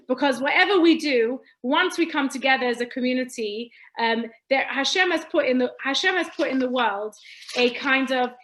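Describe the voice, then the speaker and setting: A woman's voice: sits high, fairly bright tone, poor audio. A woman giving an earnest personal testimony talk, often restarting phrases and using Hebrew terms. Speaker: speaker sharing her story.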